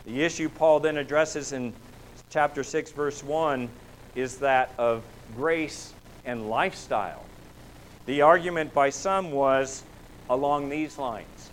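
A man's voice: mid-range voice, measured pace, slight background noise, poor audio. A man preaching a sermon in a church, asking rhetorical questions and pushing his voice up for emphasis. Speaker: pastor.

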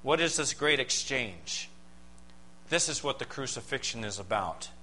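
A pastor delivering a sermon. He preaches emphatically, with dramatic pauses and rhetorical questions. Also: medium pitch, expressive, sharp tone, a little hiss or hum, rough recording.

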